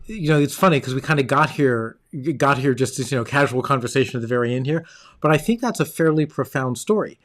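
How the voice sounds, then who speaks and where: A man's voice: mid-range voice, fast talker, a bit bright. A man hosting a podcast interview, reflecting thoughtfully on a guest's story in casual chat. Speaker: podcast host.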